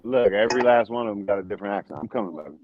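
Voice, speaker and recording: A man's voice: lowish voice, racing, a crowd in the background. A man hosting a casual livestream chat, joking around and laughing through easy banter over a video call. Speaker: livestream host. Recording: dull lo-fi sound with faint hiss.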